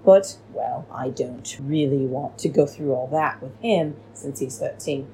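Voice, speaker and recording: A woman with a very deep, dark voice hosts a podcast from home, rambling unhurriedly through a casual recap and calling her listeners darlings. She's recorded on a cheap free microphone, so the audio is low quality with slight background noise.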